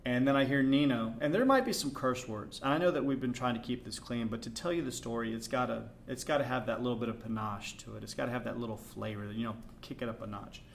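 A middle-aged man spins a story on a podcast in a casual, animated way. His voice is gravelly and sits at an ordinary pitch. He drops into hushed asides and then rises into loud outbursts. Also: quick pace, hardly any pauses, slight background noise. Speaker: podcast co-host.

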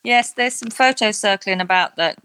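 This podcast co-host has a medium-pitched, sharp voice at normal speed, with a little hiss or hum on the recording. Her talk about a reality show is casual, opinionated and self-deprecating, and she's not from Australia.

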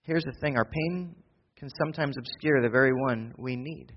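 A pastor preaching a sermon, swinging from loud, quick urgency to hushed, slow intimacy. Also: male voice, medium pitch, in a large hall, highs cut off, slight background noise. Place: church.

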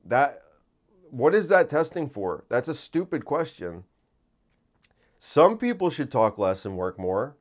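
A man's voice: medium pitch, big pitch swings, a little slow, long pauses. Incredulous rambling man. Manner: rambling, incredulous, full of restarts and rhetorical questions. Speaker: podcast host. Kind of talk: casual podcast talk.

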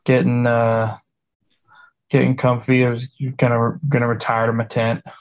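A man talks haltingly through a past-life regression, full of restarts and folksy, rustic turns of phrase. His voice sits at an ordinary middle pitch for a man. The recording is dull and somewhat lo-fi. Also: monotone. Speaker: podcast host in a regression session.

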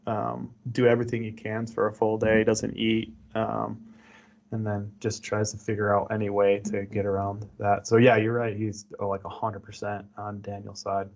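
Man, gravelly voice, podcast co-host, loose chat with fillers and laughs, dull lo-fi sound. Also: fairly low pitch, monotone, normal speed, darkish tone. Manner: laughs often, filler-heavy chatter. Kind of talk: casual chat and Bible reading.

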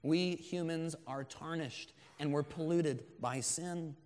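A man's voice: fairly high pitch, takes it slowly, darkish tone. A man preaching a sermon as pastor, earnest and conversational, rising to emphatic swells. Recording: long hall reverb.

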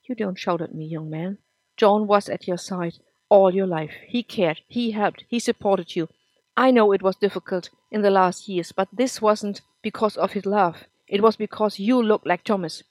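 A woman's voice: mid-range voice, moderate pace, no room sound, lightly acted. A woman reading a firm, caring mother. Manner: firm, calm, reassuring.

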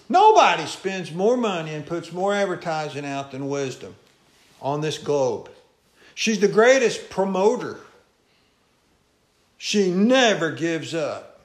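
A male pastor preaching a folksy sermon, swinging between loud calls and low asides. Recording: echoey church room.

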